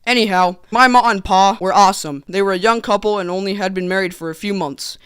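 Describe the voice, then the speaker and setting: Young man, teens, comedic storytime narration, sarcastic, animated, crisp, dry. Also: high voice, a little fast, no echo. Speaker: vlogger.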